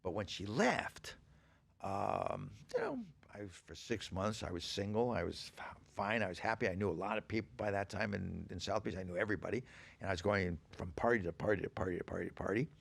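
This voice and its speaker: Older male guest, gravelly, lively pitch, rambling studio storyteller. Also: fairly quick, no echo. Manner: rambling anecdotes with acted-out dialogue. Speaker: podcast guest. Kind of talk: casual storytelling chat. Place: podcast studio.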